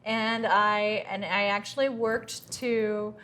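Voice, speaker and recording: A middle-aged woman from Texas with a softened Texas accent, chatting as an interview guest, upbeat and laughing often. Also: medium pitch, fairly even intonation, slow pace, a little hiss or hum. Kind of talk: casual interview chat.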